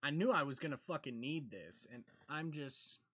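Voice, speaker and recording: Male reaction host, profane and furious, loud outbursts, lively bright delivery. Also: on the high side, normal speed, husky. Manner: profane, yelling outbursts at the screen. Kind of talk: live reaction commentary.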